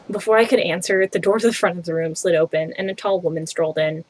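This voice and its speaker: A woman's voice: on the low side, quick pace, hardly any pauses, slight background noise. A young woman reading a visual novel aloud, tossing in casual asides between the narration. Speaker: let's play reader.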